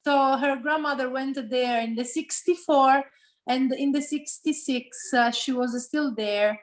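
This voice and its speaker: Italian-accented woman, slightly high voice. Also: unhurried, low-quality recording. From Sicily. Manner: translates back and forth, many fillers. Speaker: host and interpreter. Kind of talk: casual video-call meeting.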